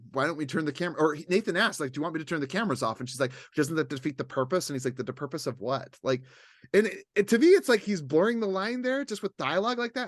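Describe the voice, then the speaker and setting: In a studio-quality recording with no room sound, a man with a slightly high voice co-hosts a laid-back podcast chat. He's animated, rambles, and performs other people's lines.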